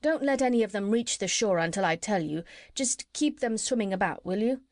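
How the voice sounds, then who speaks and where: Kind polite old-fashioned doctor, gentle manners woman reading him. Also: medium pitch, expressive, brisk, no echo, studio quality, natural voice. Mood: courteous. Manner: gentle, courteous. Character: kind, polite middle-aged animal doctor.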